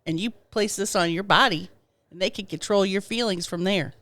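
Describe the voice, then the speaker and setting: Woman co-host, mid pitch, deadpan humor, close dry mic. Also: normal speed, dry recording. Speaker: podcast co-host. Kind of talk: casual comedic chat.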